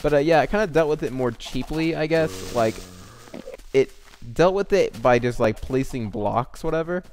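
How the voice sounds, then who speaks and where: Young guy talking thru his game, rambly, gets all excited, bit of hiss behind. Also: fairly high pitch. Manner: chatty and rambling, quick excited exclamations. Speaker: gamer commentating his own play. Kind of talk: casual let's-play commentary.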